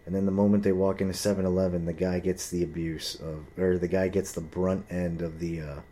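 Young man, low dark voice, heated profane storytelling monologue. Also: little pitch movement, fairly quick. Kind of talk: casual ranting monologue.

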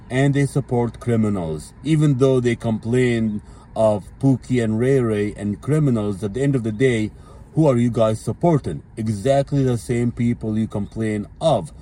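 A man's voice: medium pitch, mellow, a little hiss or hum. A man delivering a blunt, profane ranting monologue as a commentary vlogger, leaning on repeated fillers.

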